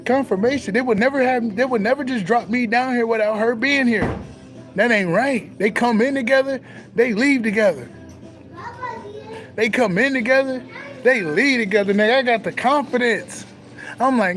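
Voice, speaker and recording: A man's voice: very high-pitched, moderate pace, a bit bright, soft background music, poor audio. A young man, talking casually and profanely with swagger, laughing often. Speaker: spiritual talk host. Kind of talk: casual spiritual monologue.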